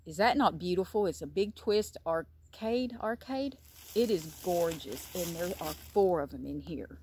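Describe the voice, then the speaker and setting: An older woman, talking in a slightly low voice. She gushes and calls everything gorgeous and beautiful as she shows her gifts to viewers in a casual vlog. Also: animated, measured pace, warm tone, breathy edge. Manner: gushing, effusive, repeats "gorgeous" and "beautiful". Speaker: crochet vlogger. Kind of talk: casual show-and-tell vlog.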